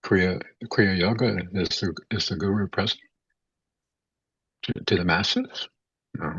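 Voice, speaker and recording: A low-voiced man with a gravelly, husky tone gives a spiritual talk, pausing and repeating words as he goes. The recording is dull and lo-fi, with a dry sound. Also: fairly bright tone, dry recording. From United States. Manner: halting, many repeated words and fillers. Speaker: spiritual teacher.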